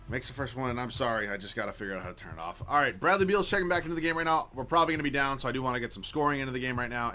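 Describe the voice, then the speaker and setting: A man giving live commentary over a basketball video game, excitable, swearing often and joking about his own skill, swinging from mumbling to yelling at the screen. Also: mid-range voice. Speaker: gaming YouTuber.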